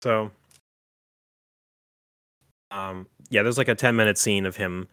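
A man's voice: on the low side, fairly even intonation, slow, pushed and bright, clear, resonant tone, no room sound. A man hosting a casual podcast about a movie, talking loosely with lots of fillers and restarts. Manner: rambling, many fillers and restarts. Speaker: podcast host.

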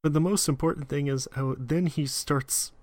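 A man's voice: a little high, fairly even intonation, moderate pace, dry recording. A man co-hosting a podcast, chatting casually with wry, joking asides. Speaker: podcast co-host. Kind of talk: casual chat recapping an anime episode.

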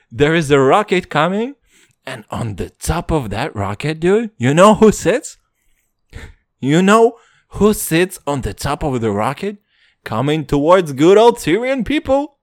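Slangy, profane comic with lively swings. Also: male voice, fairly high pitch, takes it slowly, no echo, clean studio sound. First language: not English. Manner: profane slangy hip-hop talk, swinging between loud and muttered. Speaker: stand-up comedian. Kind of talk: stand-up comedy monologue.

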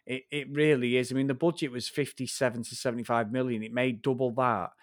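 A man in casual podcast chat, blunt and heavy on the swearing as he tears into a film. His voice sits at an ordinary middle pitch, and the recording is dry and close with no room sound. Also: level tone, fast talker, no room sound. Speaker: film review podcast co-host.

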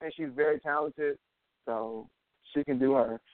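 A woman's voice: rumbling low, a little slow, no room sound. A woman co-hosting a podcast in casual chat, gossipy and teasing. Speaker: podcast co-host. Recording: dry phone-like line.

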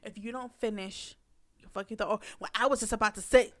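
Sassy young woman, animated. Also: on the high side, quick pace, a little hiss or hum. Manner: animated, sassy, mimics her partner in quoted voices. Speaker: wife in a couple's talk. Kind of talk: casual argumentative chat.

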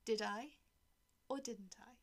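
A woman reading a dark first-person story aloud in a cold, detached way, often dropping to a whisper. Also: on the high side, slow. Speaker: narrator.

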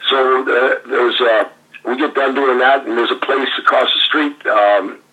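A man's voice: mid-range voice, steady tone, a little slow, bright, forceful tone, husky, lo-fi sound. An older man, a former pro wrestler, animatedly telling anecdotes in a casual interview with laughs and fillers.

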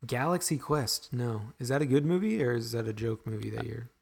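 A young man chats casually on a podcast, rambling and self-deprecating. His voice sits in a middle pitch. He trips over his words and restarts his sentences often. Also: animated, brisk, vocal fry, a little mellow, slightly rough. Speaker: podcast co-host.

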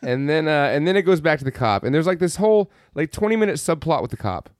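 A man's voice: fairly high pitch, expressive, fast talker, no echo, clean studio sound. A man co-hosting a podcast, sarcastically recapping a movie with profane jokes. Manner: profane, sarcastic storytelling with mocking quoted voices. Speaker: podcast co-host. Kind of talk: casual chat, movie recap.

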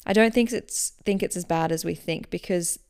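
Chatty woman coach answering listener questions, lowish voice, explains stuff casually. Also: normal speed, smooth. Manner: relaxed explanatory, chatty with fillers. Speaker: running coach and podcast host. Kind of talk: podcast listener Q&A.

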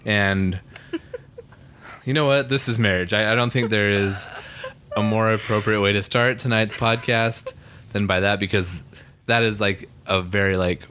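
A man's voice: fairly low pitch, steady tone, unhurried, pushed and bright, slight background noise. Rambling man hosting a podcast. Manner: rambling, with many fillers and restarts. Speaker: podcast co-host. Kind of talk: casual chat. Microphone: podcast microphone.

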